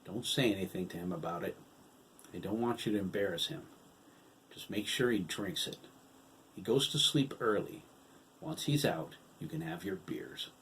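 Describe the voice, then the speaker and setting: A man's voice: fairly low pitch, brisk, slight background noise, low-quality recording. Man doing a moody old farmer. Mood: calm. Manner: calm then suddenly sharp.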